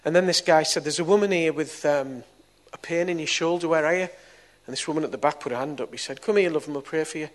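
A middle-aged man, preaching and telling a testimony story, moving between soft and loud moments. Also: on the high side, fast, few pauses. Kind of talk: testimony sermon.

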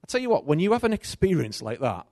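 A middle-aged man preaching a sermon, telling a personal story with animated swings between loud and soft. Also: a little high, fast, no echo, studio quality.

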